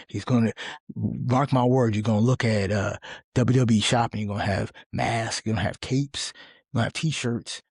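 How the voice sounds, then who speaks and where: A middle-aged man hosts a casual podcast, rambling through his opinions with animated conviction. His voice is husky and slightly rough, sitting at an ordinary pitch. The sound is dry and close, with no room around it. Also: no echo. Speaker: podcast host. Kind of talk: casual sports commentary.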